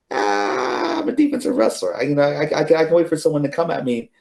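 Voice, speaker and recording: A man's voice: medium pitch, fairly even intonation, quick pace, creaky, hardly any pauses, a little mellow. A middle-aged man, an interview guest, telling stories casually with many fillers and restarts, laughing now and then. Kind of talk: casual storytelling.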